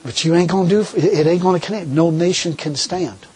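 A middle-aged man preaching a sermon in a folksy, animated way, laughing often. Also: fairly high pitch, a little fast, husky, low-quality recording.

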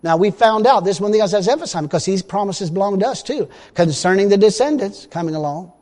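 A middle-aged preacher with a drawl and a high voice, delivering a folksy, emphatic sermon that climbs into loud declarations. His words ring out with a long echo around a church hall. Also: lively intonation, fast talker.

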